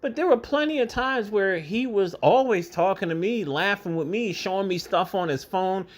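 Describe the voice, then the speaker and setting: Emotional man telling a story, halting. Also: high voice. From New York State. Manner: emotional, halting, repeats words. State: holding back tears. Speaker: vlogger. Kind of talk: casual monologue to camera.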